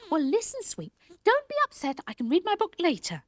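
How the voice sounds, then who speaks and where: Prim high-voiced woman presenter. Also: huge pitch swings, fairly quick, noisy background. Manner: prim, fussy, precise diction. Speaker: puppet show presenter. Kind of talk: children's TV presenting.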